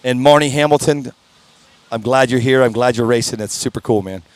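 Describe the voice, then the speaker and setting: A man announcing live drag racing in an upbeat, folksy way, fumbling names now and then, his voice strained and clearing his throat. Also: medium pitch, brisk, no room sound. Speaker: race announcer. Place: at a racetrack.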